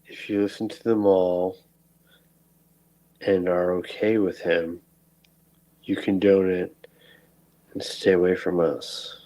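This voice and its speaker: Exasperated, low-voiced ranting man. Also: little pitch movement, slow, pauses often, mellow, poor audio. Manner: exasperated, dismissive, profane. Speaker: livestreamer. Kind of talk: frustrated livestream rant.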